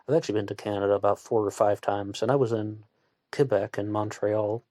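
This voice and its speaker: A man's voice: on the low side, little pitch movement, a little fast, dark tone, no echo, clean studio sound. A man from Virginia, hosting a true-crime podcast in a rambling, conversational way and asking his listeners questions. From West Virginia, USA. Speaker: podcast host. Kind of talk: casual true-crime narration.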